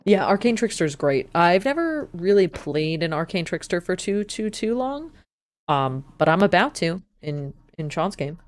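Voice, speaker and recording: Chatty young woman, lower voice. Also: sing-song, normal speed. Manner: enthusiastic, rambling with fillers and frequent laughs. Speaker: player. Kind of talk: casual tabletop game chat.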